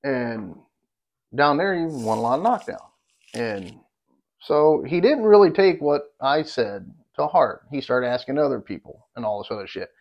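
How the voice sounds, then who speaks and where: A podcast co-host tells a long hunting story, casual, rambling, and profane, getting worked up whenever he quotes others. His mid-range, darkish voice swings widely in pitch at a moderate pace, over dull lo-fi podcast audio.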